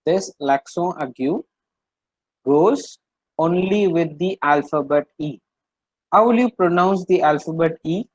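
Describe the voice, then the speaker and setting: A man leads an online French class with unhurried patience, circling back over each point and filling pauses with hesitations. His voice sits slightly high for a man. The sound is dry and close, as on a video call. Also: no room sound, rough recording. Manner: patient, repetitive explaining with many fillers. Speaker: French teacher.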